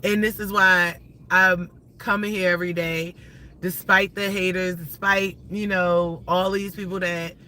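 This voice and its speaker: Woman streamer, bright tone, profane, excitable rambling rant. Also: fairly low pitch, a little slow, rough recording. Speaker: livestream host. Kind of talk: casual ranting livestream.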